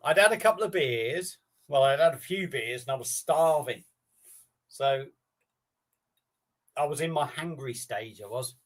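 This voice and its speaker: A man's voice: mid-range voice, expressive, a little slow, pauses often. A man hosting a casual live beer stream, chatting in a rambling, matey way with casual swearing.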